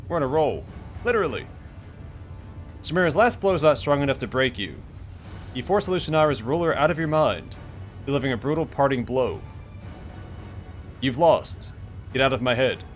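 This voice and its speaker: A man's voice: medium pitch, a bit bright. A man hosting a let's play, reading out game text and reacting to his dice rolls in a wry, joking way. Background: faint music.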